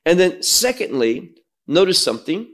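A man preaching a sermon, teaching verse by verse in a slow, emphatic delivery. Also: high-pitched, big pitch swings, a bit bright.

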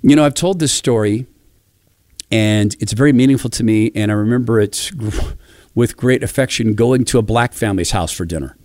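A middle-aged man from the Pacific Northwest of the United States, sharing personal stories with enthusiastic, reflective warmth. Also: on the low side, normal speed, no echo. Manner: warm storytelling, enthusiastic and reflective. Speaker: speaker.

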